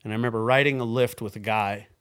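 A man's voice: on the low side, fast, smooth. Guy rambling through a story, lots of um and you know, acts out the quotes. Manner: rambling, animated retelling with quoted voices. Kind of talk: casual storytelling.

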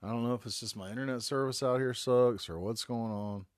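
Here a man speaks at medium pitch and a little fast, glumly rambling through his solo podcast with plenty of cursing. He's a North Carolinian in his 40s with a stuffy head cold, using a phone in his back bedroom for this casual monologue. It sounds dry and studio quality.

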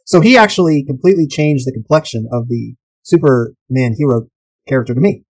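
A man co-hosting a casual podcast over whiskey, joking and swearing freely in animated chat. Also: medium pitch, fairly quick, no echo, low-quality recording. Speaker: podcast co-host.

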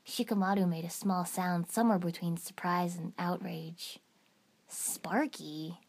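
A woman narrating a first-person fan fiction story in an even storytelling manner. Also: on the low side, moderate pace. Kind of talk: fan fiction audiobook reading.

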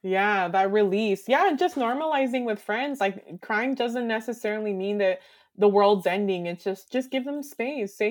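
A woman's voice: medium pitch, moderate pace. A woman guest on a podcast, talking in a reflective, earnest way with lots of fillers. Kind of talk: casual conversational interview.

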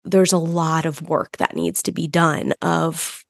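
A woman's voice: deep voice, steady tone, measured pace, creaky, no room sound, studio quality. Earnest woman podcast host. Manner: earnest, searching for words. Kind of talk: casual podcast conversation.

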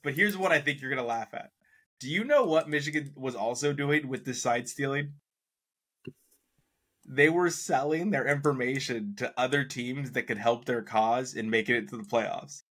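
A man's voice: mid-range voice, normal speed, fairly bright tone, slightly rough. A man co-hosting a sports talk show, debating skeptically and teasing his co-host, laughing often.

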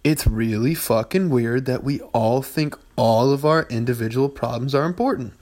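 Young male podcast host, casual and profane, rambling philosophical riff, average pitch. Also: normal speed, darkish tone. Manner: rambling, heavy swearing, bursts of exasperation.

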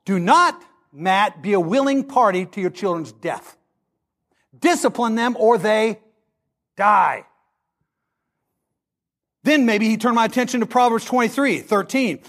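A man preaching a sermon, animated and acting out the voices he quotes. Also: high-pitched, measured pace, long pauses. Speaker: pastor.

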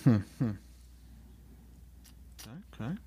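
A man's voice: very slow, dark tone. A man who once worked as a police officer, telling stories casually on a podcast in a laid-back way, swearing and repeating himself.

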